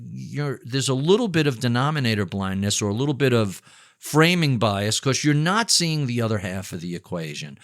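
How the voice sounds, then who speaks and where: A middle-aged man answering interview questions, telling lively, jokey stories about spending and investing. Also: mid-range voice, no room sound, studio quality. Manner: animated storyteller, jokey asides, conversational. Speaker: author and investment firm chief.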